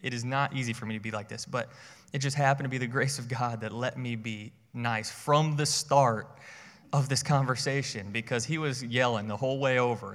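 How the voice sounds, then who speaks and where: A man's voice: mid-range voice, fairly bright tone, long reverb tail. A man giving a sermon in a conversational way, telling a personal story and often repeating words as he starts a phrase. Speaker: preacher.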